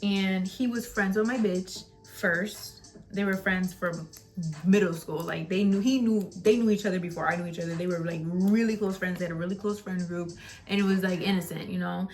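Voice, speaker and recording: A woman's voice: fairly low pitch, fairly even intonation, moderate pace, darkish tone, soft background music. A young woman casually chatting to camera in a vlog, candid and rambling, swearing freely and often laughing. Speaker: vlogger. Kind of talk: casual storytime chat.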